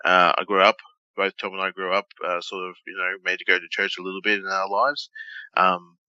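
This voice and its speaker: Deep, forceful man, lo-fi. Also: little pitch movement, fairly quick, no room sound. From Australia. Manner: blunt, swearing, joking. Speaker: podcast co-host. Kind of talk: casual chat.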